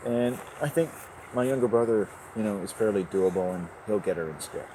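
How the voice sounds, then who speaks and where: A man's voice: lowish voice, a little fast, dark tone. A man rambling and joking to himself as he walks home by a river at dusk, often breaking into laughter. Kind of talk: rambling monologue while walking. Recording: noisy outdoor ambience.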